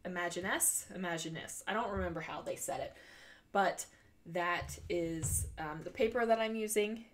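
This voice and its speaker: This crafting voice-over comes from a scrapbooking host, a woman in her forties with a lowish voice and a moderate pace. Congested and mouth-breathing, she rambles along in a chatty way, saying um often.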